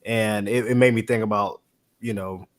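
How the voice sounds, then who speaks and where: A man's voice: lowish voice, fairly even intonation, moderate pace. A man speaking as a guest in a casual faith-based conversation, telling a story with energy, acting out quotes and laughing easily.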